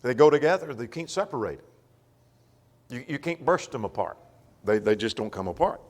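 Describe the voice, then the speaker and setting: A man's voice: mid-range voice, sing-song, normal speed. A man teaching a Sunday Bible class in a folksy way, often checking that the class follows. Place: church. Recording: long church reverb.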